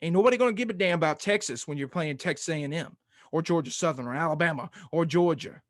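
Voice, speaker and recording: Man, sports podcast co-host, animated ranting, high-ish voice, dry sound. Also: quick pace, dry recording. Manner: animated ranting, laughs often. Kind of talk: casual sports podcast chat.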